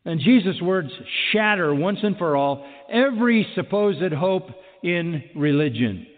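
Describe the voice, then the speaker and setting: A man's voice: high-pitched, animated, measured pace, faint music behind. A man delivers a sermon in a slightly raised voice, pressing his points with repetition and rhetorical questions. The sound is thin and phone-like, with a long hall echo trailing behind him. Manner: emphatic, repeats key phrases, asks rhetorical questions. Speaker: preacher.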